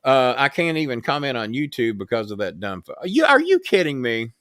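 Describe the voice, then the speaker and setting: In echo-free studio sound, a male live-show host with a medium pitch talks briskly, barely pausing. He retells stories bluntly and with animation, swearing constantly in a casual tone.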